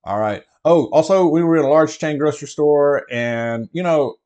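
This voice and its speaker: A man's voice: fairly high pitch, normal speed, darkish tone, clean tone, muffled recording. A man hosting a casual prepper vlog, talking from inside a truck in a meandering way full of fillers and restarts. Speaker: prepper vlogger host. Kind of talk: casual rambling vlog talk.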